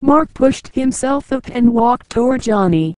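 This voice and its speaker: A woman reading a novel aloud as an audiobook narrator, in a measured, even way, dropping lower for the men's lines. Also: no echo, low-quality recording. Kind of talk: audiobook narration with light character voices.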